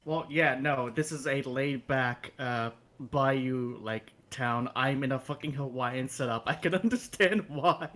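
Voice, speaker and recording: A man's voice: mid-range voice, measured pace, hardly any pauses, a bit bright. A man playing a tabletop game, chatting in a jokey way with casual swearing. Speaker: player.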